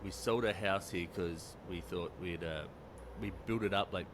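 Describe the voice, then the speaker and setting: A man with an Australian accent, talking as a guest in a casual interview and telling rambling, animated stories. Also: low voice, normal speed. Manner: animated storyteller, rambling with fillers. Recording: noisy background.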